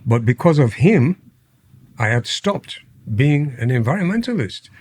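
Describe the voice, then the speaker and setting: A man's voice: medium pitch, unhurried. An older man from Nigeria with a Nigerian accent, a podcast guest telling stories, acting out quotes and laughing often. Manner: animated anecdotes, acts out quotes, laughs often. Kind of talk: casual storytelling interview.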